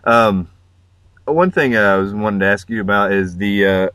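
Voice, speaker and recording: A man's voice: lowish voice, normal speed, a bit bright, clear, resonant tone, no room sound. A man chatting casually on a podcast, hesitant and full of fillers. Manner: hesitant, filler-heavy, laughs often.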